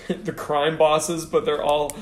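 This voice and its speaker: A man's voice: on the high side, flat delivery, slow pace, reverberant, a little hiss or hum. A man co-hosting a podcast, telling stories in casual chat and laughing often. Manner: chatty storyteller, laughs often. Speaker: podcast co-host.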